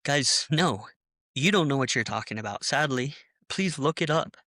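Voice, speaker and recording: A young man telling his story of leaving a church, heated and animated, acting out the people he quotes. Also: medium pitch, moderate pace, dry recording, studio quality. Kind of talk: personal testimony in a conversation.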